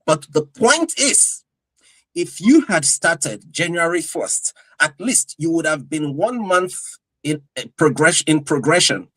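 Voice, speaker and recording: A man co-hosting a casual podcast chat, telling stories with lively energy and acting out what people said. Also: fairly high pitch, unhurried, no echo, low-quality recording. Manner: animated storyteller, acts out quotes. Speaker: co-host.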